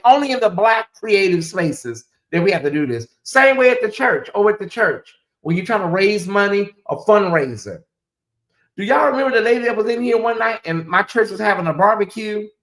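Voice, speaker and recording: Middle-aged male streamer, slightly high voice, playful and chatty, roomy echo. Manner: animated, teasing, talks straight to chat. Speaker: livestream host. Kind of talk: casual livestream chat. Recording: echoey room.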